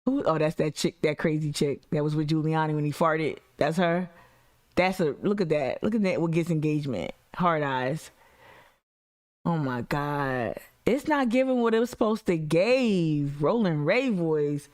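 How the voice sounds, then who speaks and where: A woman's voice: sits low, unhurried. A woman hosting a livestream, giving casual commentary full of blunt, profane asides and frequent laughter. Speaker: livestream host.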